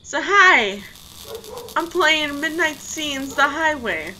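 Woman gamer, casual commentary, higher voice, slow delivery, noisy recording. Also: expressive, pushed and bright. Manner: thinks aloud, easily startled, chatty. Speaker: video game player.

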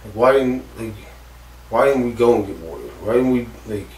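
A man's voice: medium pitch, moderate pace, darkish tone. A man telling a story in an interview, rambling and swearing freely, with lots of fillers. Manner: rambling, profane, full of fillers like "like" and "you know". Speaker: interviewee recounting a stunt accident. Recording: roomy echo, distant mic, faint background noise.

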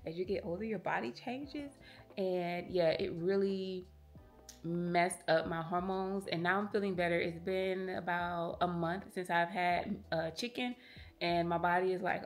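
Soft music plays in the background as a woman in her thirties, a vlogger, walks in the morning and talks to camera. Chatty and candid, she's a little winded from walking, and her low-leaning voice keeps a steady tone at a measured pace.

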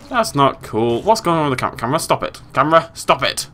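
Excitable British man yelling at a game. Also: medium pitch, fairly quick, few pauses. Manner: exasperated, swinging from yelling to muttering. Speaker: gameplay commentator. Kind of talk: let's play commentary.

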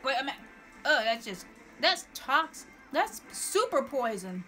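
High, lively, excitable woman gamer. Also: unhurried, faint music behind. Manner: excitable, exclaiming and repeating words. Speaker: gameplay streamer. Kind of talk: live gameplay commentary.

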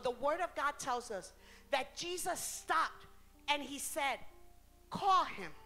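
A woman's voice: high voice, animated, slow, vocal fry, bright, forceful tone, faint music behind. A woman preacher giving a bilingual sermon in a church, switching between Spanish and English phrase by phrase, rising and falling in intensity and drawing out key words.

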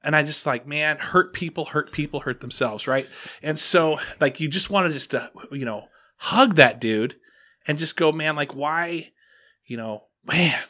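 A man's voice: fairly high pitch, moderate pace, sharp tone. A man, around his thirties, hosting a podcast in casual chat, telling a story with many restarts and acted-out quotes. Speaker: podcast host.

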